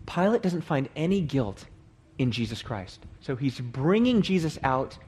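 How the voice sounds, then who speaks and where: A man's voice: mid-range voice, big pitch swings, a little slow, a little mellow, husky. A man leading a Bible study, walking through a passage and explaining it, restating and repeating points for emphasis. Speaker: Bible teacher.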